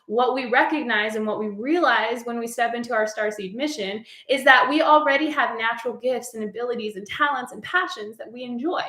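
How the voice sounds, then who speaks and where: A woman's voice: fairly high pitch, brisk, few pauses, sharp tone. A woman giving a heartfelt spiritual message in a casual, earnest way, peppered with "like". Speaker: spiritual coach. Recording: echoey room.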